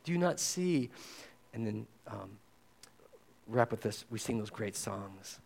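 A man's voice: lowish voice, animated, slow pace, gravelly. Dynamic preaching man. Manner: dynamic preaching, swinging between loud and hushed; conversational, addresses listeners directly. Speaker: pastor. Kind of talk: sermon.

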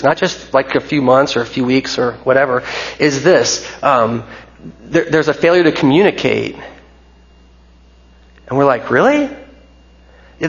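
A man's voice: fairly high pitch, creaky, dull audio. A male pastor giving a conversational sermon in a church, chatty and full of restarts and asides. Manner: conversational, rambling with restarts and fillers. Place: church sanctuary.

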